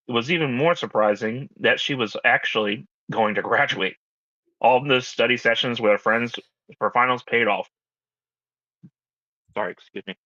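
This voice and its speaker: A man reading a fan story aloud with steady narration and joking asides, as host. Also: medium pitch, no room sound, muffled recording.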